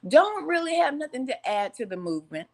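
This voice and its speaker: A woman's voice: high voice, very animated, a little fast, darkish tone. A woman hosting a casual vlog, talking straight to viewers, laughing often and slipping into a preacher-like cadence. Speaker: channel host.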